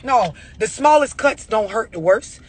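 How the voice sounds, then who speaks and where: A man's voice: high voice, lively intonation, a little slow, slightly rough. A man giving a blunt, profane motivational rant about overreacting, full of rhetorical questions. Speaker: motivational speaker.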